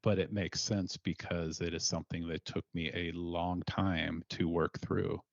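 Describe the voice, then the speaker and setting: A man who is a single father, speaking as a podcast guest in a thoughtful, measured, sincere way. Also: low-pitched, little pitch movement, vocal fry, no echo, dull audio. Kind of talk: reflective interview talk.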